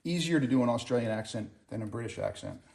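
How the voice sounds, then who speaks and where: Man, gravelly voice, middling pitch, folksy home mechanic, casual how-to talk, working in a garage. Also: expressive, quick pace, a little mellow. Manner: folksy, talks to camera while working.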